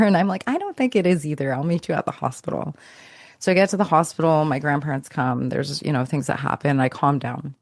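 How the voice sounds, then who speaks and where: A woman with a low, gravelly voice tells her own story as a podcast guest, talking quickly. She sounds reflective and searching, restarting phrases and letting them trail off. The recording is dry and close, with no room sound.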